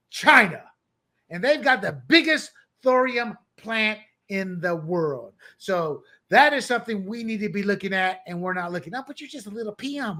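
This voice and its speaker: Man, high-pitched, bright, animated, mocking, political talk co-host. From born abroad, country once under dictators. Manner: animated, mocking, bursts into loud quoted voices. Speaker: podcast co-host.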